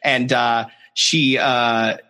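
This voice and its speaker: A man hosting a casual chat, animated and profane, acting out what other people said. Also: mid-range voice, extremely slow. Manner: animated, swears, acts out others' lines.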